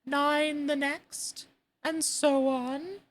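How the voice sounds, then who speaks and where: A woman voicing a melancholy old male Mock Turtle, drawing out her words slowly with sighs. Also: sits high, steady tone, pitched above the performer's own voice. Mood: mournful. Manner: slow, drawn-out, sighing delivery.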